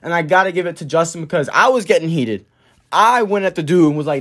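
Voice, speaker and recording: A man's voice: a little high, expressive, fast talker, fairly bright tone. A young man casually telling a story to the camera, loose and profane, full of slang and fillers.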